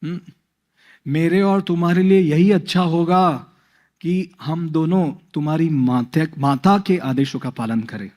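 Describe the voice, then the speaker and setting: A man's voice: fairly high pitch, rapid-fire, darkish tone, natural voice. A man doing a humble, weary father. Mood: resigned.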